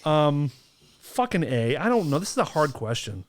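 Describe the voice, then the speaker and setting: A woman's voice: deep voice, very animated, moderate pace. A woman hosting a podcast in loose casual chat, teasing and swearing freely. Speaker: podcast host.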